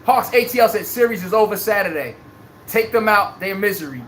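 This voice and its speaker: A man's voice: sits high, lively intonation, brisk, a bit bright. A brash man holds forth on a live sports fan stream, talking trash and cackling at his chat. His voice rings out in a roomy space with a faint hiss of noise behind him. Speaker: sports livestream host.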